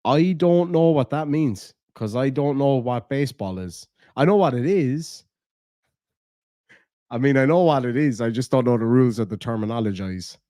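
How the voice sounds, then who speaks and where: A man's voice: medium pitch, animated, normal speed, warm tone, no echo, clean studio sound. A man with an Irish accent chatting casually on a live stream, rambling, cursing and reading chat aloud. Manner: rambling, swears a lot, reads chat aloud.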